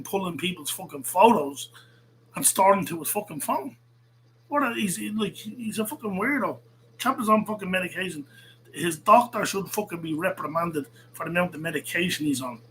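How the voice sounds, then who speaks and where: Profane ranting man, slightly high voice. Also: sharp tone, slight background noise, poor audio. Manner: heated, profane, repeats himself. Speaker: podcast host. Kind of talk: angry ranting monologue.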